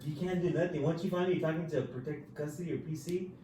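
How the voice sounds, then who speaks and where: Another casual prison-story chat comes from a male podcast host, relaxed and profane, adding "dude" to nearly every phrase. His voice is a little high and mellow, with a steady tone and quick pace. He sounds far from the mic, with roomy echo and a faint ambient hiss.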